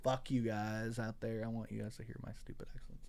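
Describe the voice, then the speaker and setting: A man's voice: on the low side, level tone, a little fast, darkish tone. Loose, laughing male podcast host. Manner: loose, profane, laughs often, slips into joke voices. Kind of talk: casual chat.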